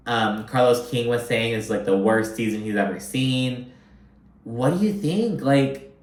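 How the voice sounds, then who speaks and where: Chatty, profane man in an echoey room. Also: mid-range voice. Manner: profane, animated, chatty, often acts out quotes. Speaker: reality TV recap host. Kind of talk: casual recap commentary.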